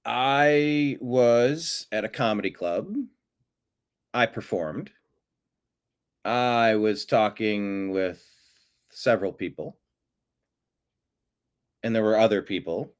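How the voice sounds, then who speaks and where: A man's voice: on the low side, takes it slowly, long pauses. Rambling, amused male show host. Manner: rambling, amused, frequent restarts. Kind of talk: casual news commentary.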